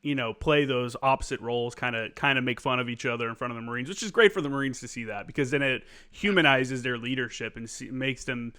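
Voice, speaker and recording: A man's voice: mid-range voice, fast talker, hardly any pauses, bright, forceful tone, smooth. A man hosting a podcast, a former Marine sergeant, chatting candidly and swearing casually. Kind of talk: casual chat.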